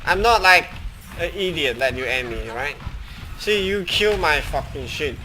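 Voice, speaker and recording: Streaming a shooter, this young gamer curses, mocks, and yells at opponents while commenting live, his voice on the high side, lively yet unhurried. Noise is audible behind him.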